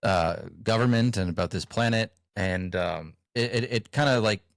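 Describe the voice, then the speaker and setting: A man hosting an interview, agreeable and a little halting as he builds on his guest's points. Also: on the low side, dry recording. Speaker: interview host. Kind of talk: casual interview chat.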